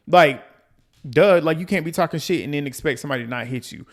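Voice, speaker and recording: A man hosting a reality TV recap, ranting in a blunt, profane, animated way and repeating lines for emphasis. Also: a little high, fast talker. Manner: quotes people in mimicking voices. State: out of breath. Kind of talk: casual commentary recap.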